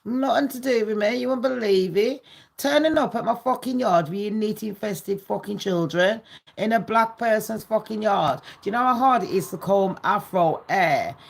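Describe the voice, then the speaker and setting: A woman's voice: medium pitch, normal speed, vocal fry. A woman vlogging gossip in a ranting, sarcastic monologue full of swearing and scorn.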